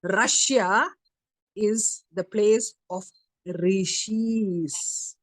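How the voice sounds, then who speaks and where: A woman teaching a study circle, telling a story in a lively way and acting out the quotes. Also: mid-range voice, drawn-out words, no room sound. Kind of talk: storytelling lecture.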